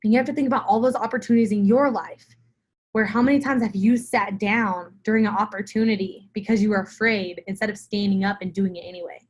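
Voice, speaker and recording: A young woman speaks straight to camera in a live motivational video, coaching her weight-loss group. Her voice sits at an ordinary middle pitch, and she talks with emphatic conviction, hammering home short repeated phrases. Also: fairly even intonation, quick pace. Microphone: phone or camera for a live video.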